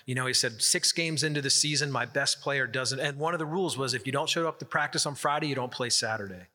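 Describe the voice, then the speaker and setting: A man's voice: medium pitch, fast, sharp tone. A man giving an earnest, conversational sermon, telling stories from the pulpit. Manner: earnest, conversational preaching with storytelling. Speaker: pastor. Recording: long hall reverb.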